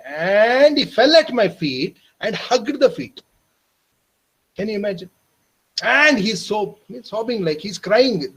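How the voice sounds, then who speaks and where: An Indian English man leads a teacher training, recounting a classroom story in an earnest, personal way. His voice sits fairly high and sounds a bit husky. He slows and quiets down when the story turns tender. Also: low-quality recording. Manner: earnest, addresses listeners as "my dear friends"; slows and softens for emotional moments. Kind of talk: storytelling lecture. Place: online training session.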